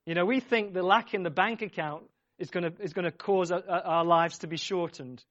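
A man's voice: high-pitched, brisk, a bit bright, no echo, lo-fi sound. A man preaching a sermon, speaking emphatically, repeating his phrases and urging the congregation on. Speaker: pastor.

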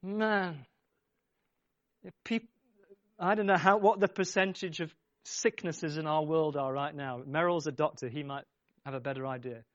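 A man's voice: on the high side, fairly even intonation, moderate pace, no echo, dull audio. A man preaching a sermon, speaking emphatically, repeating his phrases and urging the congregation on. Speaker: pastor.

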